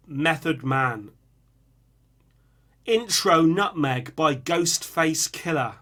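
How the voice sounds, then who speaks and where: A man's voice: a little high, slow, pauses often. A young man, hosting a music channel and chatting casually while reading out viewers' song picks. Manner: animated, bursts into singing and screaming riffs. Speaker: music reaction channel host.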